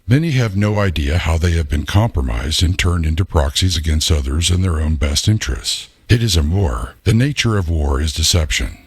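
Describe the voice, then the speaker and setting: A man's synthetic voice reading a scripted essay in a steady, measured way. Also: rumbling low, husky, no room sound. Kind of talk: scripted narration.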